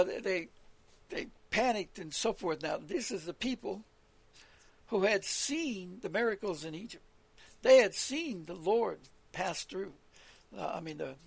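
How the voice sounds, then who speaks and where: Gravelly, husky male preacher. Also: sits high, no room sound. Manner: earnest, rambling, repeats words and restarts. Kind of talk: scripture teaching on a radio call.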